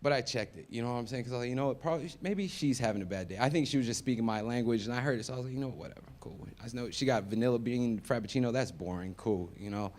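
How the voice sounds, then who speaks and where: A man performing a stand-up comedy set, chatty and conversational, dropping to mumbled asides and jumping up loud for punchlines. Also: mid-range voice, racing, few pauses, a little hiss or hum. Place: comedy venue with live audience.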